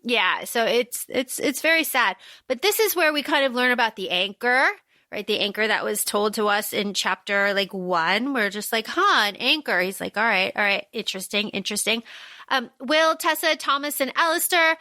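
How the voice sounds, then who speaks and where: It's casual podcast talk about a book: the woman co-hosting sums up the plot and animatedly voices the characters' lines partway through. Her voice is a little high and moderately paced, captured in clean studio sound without room sound.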